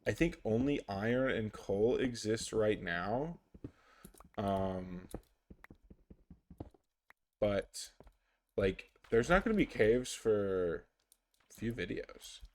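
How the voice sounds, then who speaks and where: This gaming YouTuber has a lowish, expressive voice with a darkish tone, and there's slight background noise. Sleepy and yawning, he rambles casually over his gameplay, unhurried and full of fillers and restarts.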